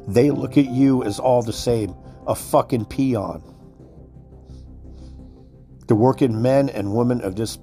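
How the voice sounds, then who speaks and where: A man's voice: fairly low pitch, dark tone. Worked-up man ranting, profane. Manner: heated, profane, repeats "folks". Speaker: commentator. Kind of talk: profane conspiracy rant.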